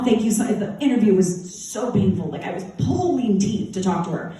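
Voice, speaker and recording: A woman's voice: fairly high pitch, a little fast, hardly any pauses, dark tone, slight background noise. A former TV talk show host, a woman, telling chatty anecdotes with many "likes" in a festival Q&A, heard from a distant mic in a large hall. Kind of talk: festival Q&A storytelling.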